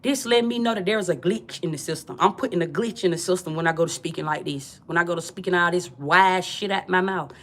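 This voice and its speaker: A woman's voice: on the low side, fairly bright tone. A woman from Georgia, delivering a preachy, repetitive livestream monologue in profane street talk, calling her viewers family. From Georgia, USA.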